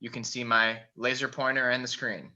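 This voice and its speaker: A man presenting a live online trading webinar in a relaxed way, with many "uh" fillers, on a computer mic over a video call. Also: medium pitch, moderate pace. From Michigan. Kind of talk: casual live webinar talk. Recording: dull lo-fi call audio.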